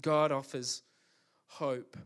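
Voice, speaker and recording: A man's voice: mid-range voice, flat delivery, very slow, a bit bright, clean tone. A man preaching a sermon, impassioned and emphatic, building his points through repetition.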